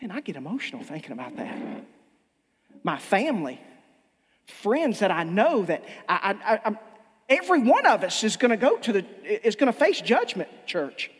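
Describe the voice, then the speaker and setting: In a church with long reverb, a man preaches with passion and emphasis, tripping over himself through repeated restarts. His high voice is sing-song and slightly rough, delivered at a moderate pace.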